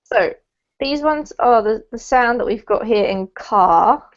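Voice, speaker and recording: Speaking slowly but animatedly in a fairly high voice, a British woman from the UK leads an online pronunciation lesson as an English pronunciation teacher. The video-call audio sounds muffled, and she's chatty and encouraging, often saying um.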